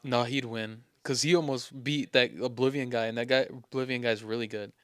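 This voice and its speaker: Smooth-voiced young man rambling through stories. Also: medium pitch, steady tone, fairly quick, dry recording, studio quality. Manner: rambling storyteller, lots of fillers and self-corrections. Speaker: podcast co-host. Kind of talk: casual chat.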